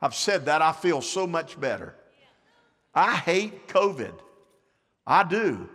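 A man's voice: fairly high pitch, sing-song, takes it slowly, fairly bright tone, in a large hall. A male pastor preaching a sermon, drawing the congregation into call-and-response with sweeping swings of voice. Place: church sanctuary.

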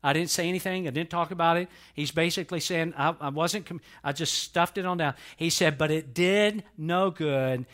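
A man's voice: fairly high pitch, fairly even intonation, a little fast, few pauses, fairly bright tone. A middle-aged male pastor preaching a sermon in an earnest, conversational way, with repetitions and restarts.

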